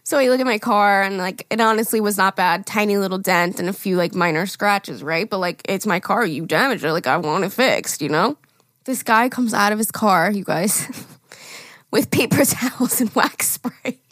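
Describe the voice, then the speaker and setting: A woman's voice: medium pitch, normal speed, fairly bright tone, no echo. A young woman co-hosting a podcast, telling a story in casual chat, acting out quotes and laughing often. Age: young adult. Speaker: podcast co-host.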